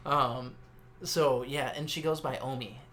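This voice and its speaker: A man's voice: mid-range voice, steady tone, unhurried, fairly bright tone. A man in his twenties co-hosting a casual gaming chat, rambling and swearing freely. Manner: rambling, swears often, many fillers. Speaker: co-host.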